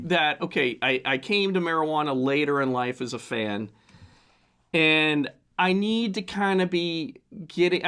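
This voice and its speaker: A man of fifty, hoarse from the flu, hosting a casual solo podcast monologue into a desk mic and rambling with many restarts. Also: fairly high pitch, a bit bright. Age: 50s. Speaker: podcast host.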